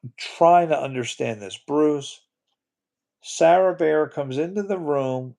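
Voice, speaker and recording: A man's voice: on the high side, slow pace, gravelly, a little mellow. A man hosting a casual livestream, rambling and repeating his words, often breaking into disbelieving exclamations. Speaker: livestream host.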